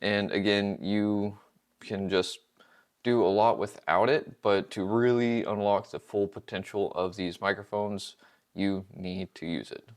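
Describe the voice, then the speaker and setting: Laid-back guy doing a mic review, low-ish voice, chatty, laughs a lot. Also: fairly even intonation, unhurried. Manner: chatty, upbeat, laughs easily. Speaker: podcast host reviewing microphones. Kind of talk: casual product review.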